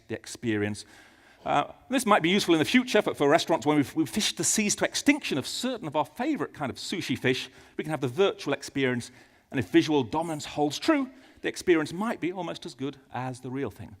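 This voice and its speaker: A man giving a conference talk in a large auditorium, animated, with many fillers and restarts. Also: on the high side, brisk. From United Kingdom. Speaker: conference speaker. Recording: long hall reverb.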